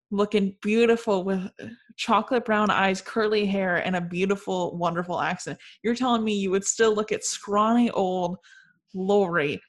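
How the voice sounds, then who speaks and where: A young woman co-hosting a casual chat, animated and joking, often laughing. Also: medium pitch.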